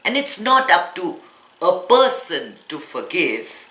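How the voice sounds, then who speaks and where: A woman's voice: on the low side, sing-song, slow pace, bright, forceful tone. A woman meditation teacher giving a spiritual talk to a live audience, earnest and explaining, often asking rhetorical questions. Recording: echoey room with faint ambience.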